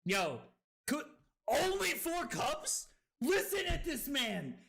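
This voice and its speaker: A tipsy man streaming a card game, excitable and foul-mouthed, who keeps laughing and yelling. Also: very high-pitched, slow pace, gravelly. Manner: excitable, swears freely, breaks into laughter and yells. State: tipsy from drinking. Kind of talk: rowdy live-stream commentary.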